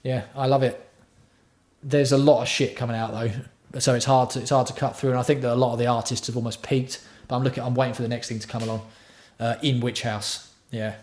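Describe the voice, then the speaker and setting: A man's voice: mid-range voice, level tone, a little fast, darkish tone. A man hosting a casual livestream tutorial on music production. He chats with his viewers and swears freely. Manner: chatty, swears freely, answers viewer chat.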